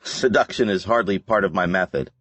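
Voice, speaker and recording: A soft-spoken, reserved young man with a very low voice, as the audiobook narrator plays him. He keeps his words short and quiet. The sound is close and dry. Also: a little fast, no room sound. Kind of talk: audiobook character voice.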